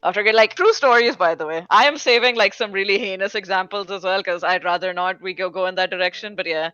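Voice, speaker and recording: A woman's voice: medium pitch, fast talker, fairly bright tone, clean tone, no echo, highs cut off. A woman with a slight foreign accent, chatting casually as a podcast guest and rambling with lots of "like"s. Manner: rambling, filler-heavy, frequent "like". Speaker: podcast guest, fighting game commentator. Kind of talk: casual chat.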